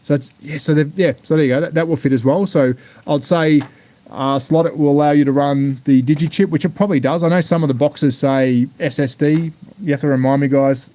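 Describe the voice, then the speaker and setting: A man with an Australian accent, somewhat high-pitched, talking in a loose, rambling live-stream style. He is blunt and jokey and swears freely as he goes, like a hobbyist chatting to viewers. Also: fairly even intonation, brisk, warm tone. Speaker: slot car channel host. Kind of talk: casual live-stream unboxing chat.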